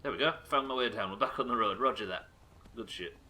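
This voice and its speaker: A man's voice: mid-range voice, rapid-fire, bright, forceful tone. A man streaming a game live, chatting casually and joking with his chat, with frequent swearing. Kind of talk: casual commentary while playing.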